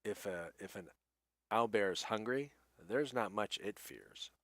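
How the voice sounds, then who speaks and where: Very deep-voiced man running a tabletop game. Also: fairly bright tone, no room sound, clean studio sound. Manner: unhurried, hesitant with many fillers. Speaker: game master. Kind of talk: narrating a tabletop game session.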